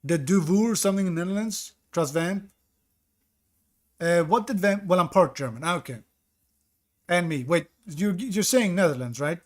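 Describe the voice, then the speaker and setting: A man with a fairly high voice streams a geography guessing game. He reasons out loud and second-guesses himself. He chats casually with his viewers between guesses. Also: moderate pace, long pauses. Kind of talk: live-stream commentary reading chat.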